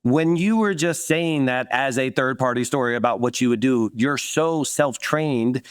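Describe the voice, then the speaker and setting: A man hosting a podcast, talking in a relaxed, reflective way and often affirming his guest. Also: medium pitch, normal speed, smooth, no echo, clean studio sound. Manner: conversational, reflective, frequent affirmations. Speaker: podcast host. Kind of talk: podcast interview.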